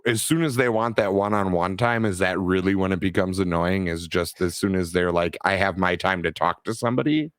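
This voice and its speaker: A man's voice: deep voice, a little fast, few pauses, a bit bright, smooth, no echo, clean studio sound. A man hosting a casual chat, asking probing follow-up questions.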